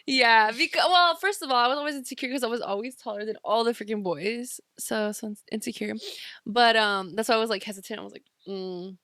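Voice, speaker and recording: A woman co-hosting a podcast in casual chat, lively and swearing freely as she acts out what people said. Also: on the high side, a little fast, no room sound, studio quality. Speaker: podcast co-host.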